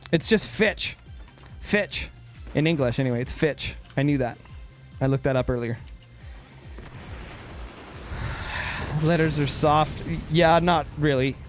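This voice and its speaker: A man's voice: fairly high pitch, slow pace, pauses often, soft background music. A man hosting a gaming livestream, chatting casually and playfully sounding out words as he commentates.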